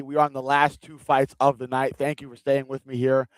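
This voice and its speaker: A man's voice: medium pitch, little pitch movement, a little fast, few pauses, clean tone, dry recording, poor audio. A man giving casual, rambling live commentary on a fight stream from a gaming chair, often repeating himself. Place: seated in a gaming chair at home.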